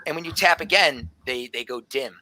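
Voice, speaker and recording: A woman narrating a tabletop role-playing game as game master, with lively, descriptive storytelling. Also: a bass voice, moderate pace, dry recording.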